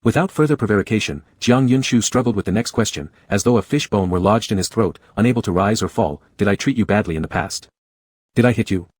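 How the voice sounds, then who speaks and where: Low husky male narrator. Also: a little mellow, no room sound, studio quality. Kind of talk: scripted story narration.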